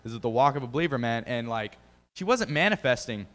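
A man's voice: medium pitch, quick pace, fairly bright tone, long reverb tail. A man giving a casual, rambling testimony about faith and preaching, full of fillers and restarts. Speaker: lay preacher.

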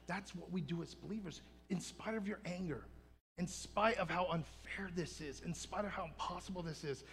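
Fervent preacher man, bright voice. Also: on the high side, in a large hall, slight background noise. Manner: fervent preaching, calls out to the congregation, climbs to shouts. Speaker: pastor. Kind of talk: sermon.

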